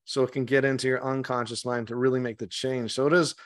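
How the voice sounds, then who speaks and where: A man talks in an easygoing, conversational way as a podcast guest. He speaks at a medium pitch, swears freely and often stumbles and restarts mid-sentence. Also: level tone, quick pace. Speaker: meditation guide guest. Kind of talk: casual interview chat.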